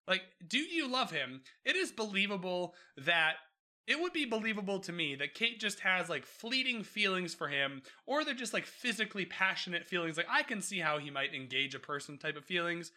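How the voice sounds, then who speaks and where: A man hosting a podcast, chatting casually through a TV episode recap, animated and swearing freely as he acts out the characters' lines. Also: sits high, brisk. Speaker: podcast host.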